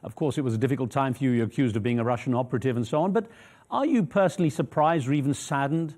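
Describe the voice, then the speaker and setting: A man's voice: medium pitch, racing, a little mellow. A man interviewing a guest for a news channel, asking long, probing questions. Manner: probing, rambling questions with fillers.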